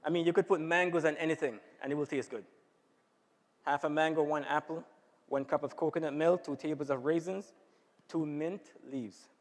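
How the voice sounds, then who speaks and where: Man, health seminar speaker, slightly high voice, chatty and casual, long church hall reverb. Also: steady tone, moderate pace. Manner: conversational, often asks the audience "right?". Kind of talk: informal health talk to a church audience.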